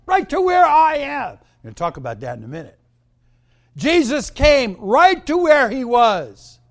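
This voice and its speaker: High, lively, gravelly preacher. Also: male voice. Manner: dramatic swings from soft asides to shouted cries. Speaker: pastor. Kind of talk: sermon.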